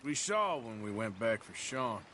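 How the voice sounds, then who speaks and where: Arthur, a dry, weary outlaw. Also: male voice, medium pitch, big pitch swings, a little slow, sharp tone, a little hiss or hum. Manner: dry, sardonic and clipped. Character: gruff, weary male outlaw enforcer, dry wit. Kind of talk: video game voice acting.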